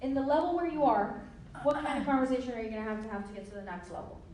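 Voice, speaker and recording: Coaching a roomful of people, a high-voiced woman delivers a rapid-fire motivational business seminar with a darkish tone, laughing often and acting out conversations playfully. The meeting room is very echoey, the mic distant, and a faint hiss is audible.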